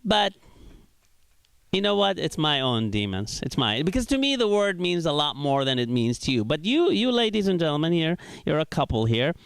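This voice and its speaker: A middle-aged man from Iraq, performing a stand-up set with deadpan delivery and quick voices for the people he quotes. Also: a little high, gravelly, clean tone, dry recording. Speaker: stand-up comedian. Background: audience laughter.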